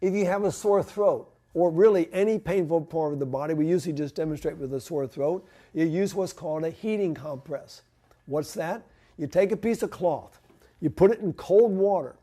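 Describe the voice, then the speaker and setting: Guy explaining home remedies at church, kinda high voice but mellow, chatty q and a. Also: moderate pace. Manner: conversational, asks and answers own questions. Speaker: health presenter. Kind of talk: church health talk. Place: church hall.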